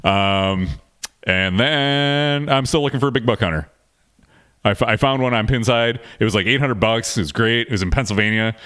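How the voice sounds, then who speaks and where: A man co-hosting a casual podcast, relaxed and quick to chuckle. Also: mid-range voice, smooth. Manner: relaxed, chuckles, quick back-channel replies. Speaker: podcast co-host.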